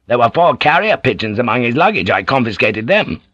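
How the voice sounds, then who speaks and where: A man voicing a gruff, hot-tempered samurai general who speaks bluntly and with urgency. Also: mid-range voice, big pitch swings, brisk, fairly bright tone, no room sound, dull audio.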